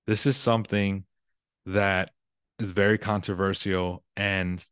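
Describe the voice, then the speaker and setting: A man talking through the news in a relaxed, offhand way, his voice sitting a little low. He rambles, fills his phrasing with "kinda" and corrects himself as he goes. The sound is dry and close, with no room around it. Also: a little slow, smooth, no room sound. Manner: chatty, loose phrasing with frequent "kinda" and self-corrections. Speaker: commentator. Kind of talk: casual solo commentary on news and movies.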